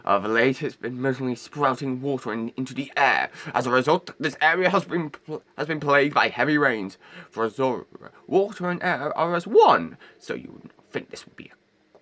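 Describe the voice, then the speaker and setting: A man voicing a huge, regal old male fish king who is warm-hearted, in formal, old-fashioned speech, as an amateur game voice-over. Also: medium pitch, expressive, normal speed, close to an everyday voice. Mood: grave.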